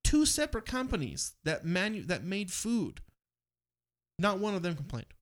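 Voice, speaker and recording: A man with a slightly high voice and a very lively, swooping pitch tells stories in a relaxed podcast chat. He laughs often and slips into the voices of the people he quotes. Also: normal speed. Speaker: podcast guest, brother of host. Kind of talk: casual chat.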